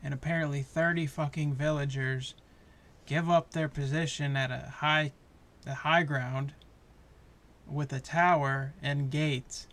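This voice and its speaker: A man's voice: on the high side, steady tone, a little slow, a bit bright. A man giving a heated, profane, passionate review of a show, talking in a casual rant.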